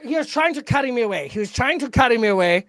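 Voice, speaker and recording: A woman's voice: on the high side, lively intonation, rapid-fire, dry recording, close to an everyday voice. A woman playing a flustered bird-owner caller. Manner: flustered, exclaiming. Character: flustered female caller with an unruly pet kestrel. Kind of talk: improvised comedy radio call.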